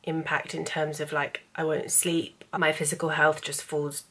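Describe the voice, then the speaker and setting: Low-voiced woman in a tearful vlog. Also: level tone, a little slow, pushed and bright. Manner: chatty, candid, drifts into emotional rambling. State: tearful, emotional. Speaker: vlogger and author. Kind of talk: casual talking-head vlog.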